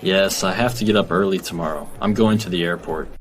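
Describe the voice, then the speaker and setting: Guy acting a young man at a club chatting with a friend, really deep voice, clear careful textbook dialogue, bit of faint hiss. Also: fairly quick, natural voice. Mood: easygoing chat. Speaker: dialogue actor in a textbook listening recording.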